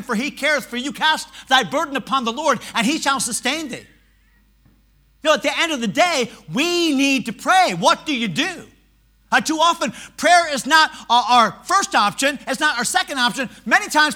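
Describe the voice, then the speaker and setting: A male pastor delivers a sermon in church, his very high-pitched voice swinging between shouted swells and hushed, quiet lines.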